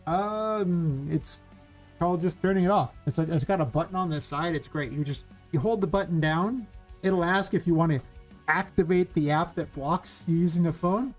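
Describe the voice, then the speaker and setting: A man with a Californian accent and a somewhat high voice, chatting loosely during a live stream. He talks quickly and rambles from one thought to the next, with faint music playing behind him. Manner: fast, rambling talker. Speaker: game developer streamer. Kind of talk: casual streaming chat.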